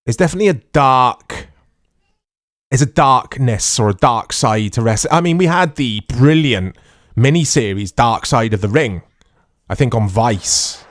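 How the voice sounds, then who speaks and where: A middle-aged man chatting casually and excitably as he comments on a retro video game he is playing, rambling and laughing often. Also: medium pitch, a little slow, no room sound. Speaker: retro gaming YouTuber.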